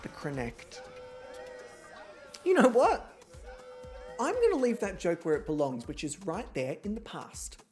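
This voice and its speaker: A woman's voice: sits low, huge pitch swings, moderate pace, few pauses, mellow, soft background music. A woman streamer giving casual gameplay commentary from home, with sarcastic, profane, theatrical rants. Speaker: gaming streamer.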